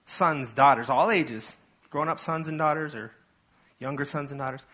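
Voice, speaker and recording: A pastor preaches a sermon to his church in a casual, conversational manner, filling it with asides and acted-out quotes. His voice is fairly high, fairly quick, pushed and bright.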